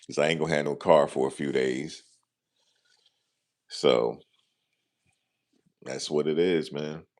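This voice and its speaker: Super deep gravelly dude vlogging, laid back slangy american talk. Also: male voice, slow, pauses often. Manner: animated, slangy, lots of "you know what I'm saying". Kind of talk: casual vlog storytelling.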